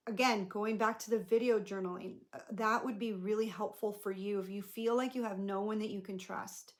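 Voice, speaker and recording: A woman coaching her audience in a relaxed, chatty way, circling back on her thoughts with plenty of fillers. She speaks at a middle pitch, and her tone softens into something gentle when she offers comfort. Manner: conversational and rambling, with many fillers and restarts. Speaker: life coach and podcast host. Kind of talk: casual motivational talk to camera.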